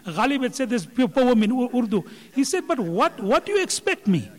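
A man's voice: extremely high pitch, big pitch swings, moderate pace, a little mellow. A man delivers a sermon, stressing points by listing and repeating them. His voice rings out in a hall with a long echo. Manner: emphatic, repetitive counting for effect. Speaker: Islamic speaker. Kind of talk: sermon retelling a scholar's talk.

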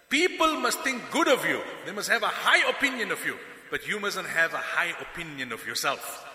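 A man giving a sermon as a preacher, telling stories with animation and acting out the people he quotes. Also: sits high. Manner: animated storytelling, acts out quoted speakers. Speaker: Islamic preacher. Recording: echoey hall with long reverb.

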